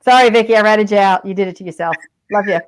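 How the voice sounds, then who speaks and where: A middle-aged woman talks as a podcast guest in an easy, conversational way. Her voice sits at an ordinary middle pitch. She tells personal stories freely, drifting into asides and fillers as she goes. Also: quick pace, rough recording. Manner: chatty and digressive, with frequent fillers and laughs. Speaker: podcast guest, veteran and author. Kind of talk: casual conversational storytelling.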